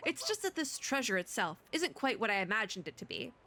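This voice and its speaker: A courteous, reflective border collie detective from a video game speaks in measured, proper phrases, as a woman reads his lines a little lower than her own bright voice. The tone stays lively in pitch and clear. The delivery is more storybook reading than full acting. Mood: earnest. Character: formal, thoughtful male border collie detective. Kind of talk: reading game dialogue aloud.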